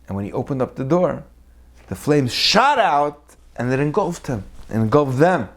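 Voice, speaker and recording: Male teacher, mid-pitched, lively storytelling sermon; acts out characters. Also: unhurried. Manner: animated storyteller who acts out the people in his tales. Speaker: Torah teacher. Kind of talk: weekly Torah talk with storytelling.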